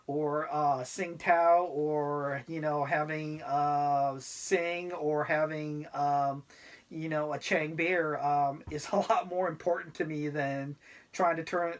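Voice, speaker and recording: A middle-aged man talking casually to camera about life abroad, rambling and laid-back with many fillers. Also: a little high. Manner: laid-back, self-deprecating. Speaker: expat vlogger.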